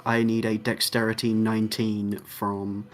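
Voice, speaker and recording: A man's voice: lowish voice, monotone, measured pace, faint music behind. A man playing a tabletop game, talking casually and taking his time over his moves. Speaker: player.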